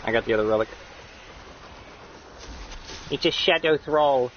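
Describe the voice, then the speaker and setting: A man casually commenting on a co-op game he is streaming, excitable and swearing, breaking into loud yelps. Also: mid-range voice, measured pace, dull audio, a little hiss or hum. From Canada. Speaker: gamer streaming co-op play.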